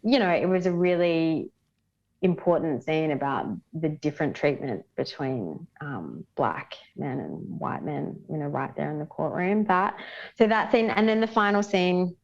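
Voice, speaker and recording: A woman's voice: low-pitched, expressive, measured pace, vocal fry, muffled recording. A woman as the show's pop culture correspondent, reviewing a film in casual podcast chat, with many ums and restarts.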